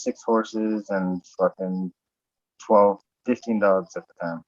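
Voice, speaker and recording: Man, low voice, dry close sound, dull lo-fi recording, swears a lot, rambling podcast chat. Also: steady tone, a little slow, no echo. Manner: profane, rambling, acts out his own lines in a raised voice. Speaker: podcast host. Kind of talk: casual chat.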